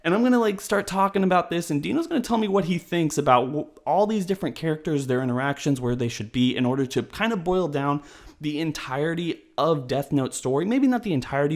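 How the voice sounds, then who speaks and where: A man hosting a casual online chat, energetic and rambling, laughing easily. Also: fairly high pitch, fairly quick. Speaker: host. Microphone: video call.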